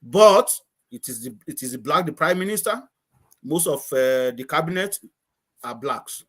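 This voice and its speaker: Guest, male, from Nigeria, high voice, rambling storyteller who restarts sentences and laughs a lot. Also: expressive, fairly bright tone. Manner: halting, repeats words, laughs often. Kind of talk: casual storytelling conversation.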